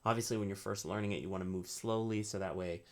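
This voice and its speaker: A man's voice: fairly low pitch, quick pace. A man teaching ukulele rhythm in a casual, explanatory way, often checking in with "right?" while strumming between phrases. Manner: relaxed, explanatory, frequent "right?" check-ins. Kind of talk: casual instructional talk.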